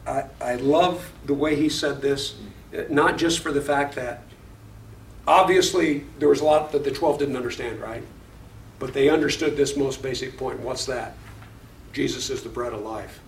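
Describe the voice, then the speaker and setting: A man teaches a Bible study class, reading verses aloud, explaining them, and posing questions to the group. He speaks at a measured pace in a medium-pitched voice. The room is echoey, he's far from the mic, and there's a little hiss or hum.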